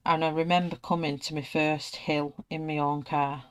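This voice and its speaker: A British woman chatting casually and telling lively anecdotes while she colours an illustration. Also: low voice, moderate pace, clear, resonant tone. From United Kingdom. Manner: chatty, animated anecdotes, acts out her own panicked voice. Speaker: art channel host.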